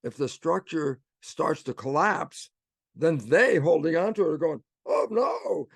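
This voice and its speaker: Older man, animated storyteller. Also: on the high side, unhurried, no echo. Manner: animated storyteller acting out both sides of imagined exchanges. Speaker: guest. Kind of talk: casual conversational explanation.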